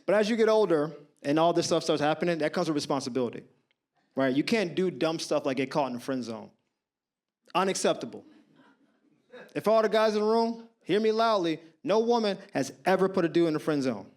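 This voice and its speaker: A man in his thirties does stand-up, telling stories and speaking directly to the crowd in a conversational way. He animatedly acts out the voices of the people in his tales, using a slightly high voice at a slightly fast pace.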